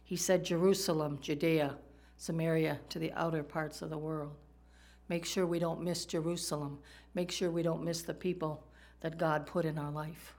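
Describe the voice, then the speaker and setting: A woman's voice: sits low, little pitch movement, normal speed, darkish tone. A woman preacher giving a sermon, explaining Hebrew words and telling jokes along the way.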